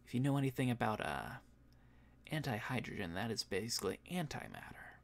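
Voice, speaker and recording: A man who voice acts, chatting casually on a stream, rambling with fillers and soft laughs, a bit tired and yawning. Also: medium pitch, sing-song, brisk, creaky. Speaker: voice actor and streamer.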